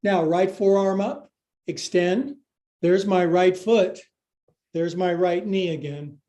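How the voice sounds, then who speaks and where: A man teaching a live yoga class, his voice sitting high but mellow and unhurried. He cues each pose with goofy asides and runs a bit short of breath as he moves along with his students. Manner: playful, jokey cueing of poses.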